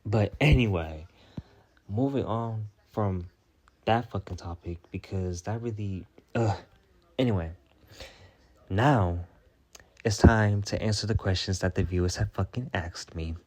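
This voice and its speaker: Low-voiced sassy profane young man. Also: a little slow, long pauses, a little mellow. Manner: sassy, profane, rambling with frequent "like". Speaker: comedy character host answering viewer questions. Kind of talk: comedic storytime monologue.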